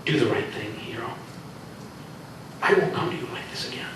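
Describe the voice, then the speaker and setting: A man voicing a stern young woman who lectures and scorns, her voice rising shrill, recorded from far off in an echoey room. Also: expressive, moderate pace, noisy background, close to an everyday voice.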